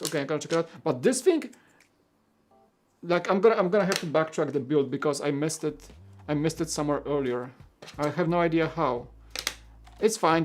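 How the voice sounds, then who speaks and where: Hosting a livestream of a build, a man whose first language is Polish talks in a loose, rambling way with a fairly high voice. He frequently stumbles over and repeats words, starts sentences over, and laughs a lot, while music plays softly in the background.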